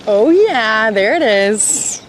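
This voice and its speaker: A woman's voice: on the high side, expressive, slow pace, a little hiss or hum. An American woman hosting an outdoor livestream, chatting with viewers and greeting them by name, often laughing. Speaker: livestream host. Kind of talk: live outdoor chat with viewers. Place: outdoors by a roadside.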